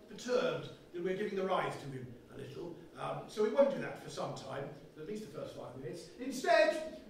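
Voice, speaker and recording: Hear a man as a cheeky radio engineer of the 1920s, teasing and irreverent in his delivery. The voice sits high for a man. It is heard from far off in a very echoey hall. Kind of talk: comic one-man stage play.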